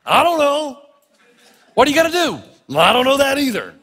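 A man's voice: very high voice, sing-song, normal speed, a bit bright, voice pushed up, exaggerated voice. A man voicing the old patriarch Abraham, exclaiming that he is leaving for something greater, recorded in an echoey hall. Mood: excited.

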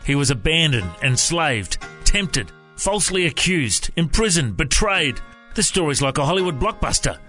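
A man's voice: fairly high pitch, big pitch swings, moderate pace, bright, forceful tone, faint music behind. A man giving an earnest, preacherly short devotional on the radio.

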